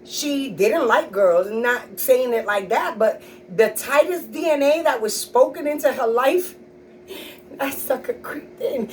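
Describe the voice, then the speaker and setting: A woman's voice: fairly high pitch, measured pace, far from the mic, a little hiss or hum, low-quality recording. A middle-aged woman comedian telling stories about her kids in a sassy, blunt, profane way. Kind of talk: stand-up storytelling.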